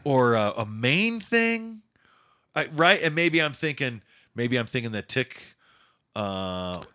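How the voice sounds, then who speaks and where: A man co-hosting a podcast in casual chat, animated and quick to joke and laugh. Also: medium pitch, smooth. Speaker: podcast co-host.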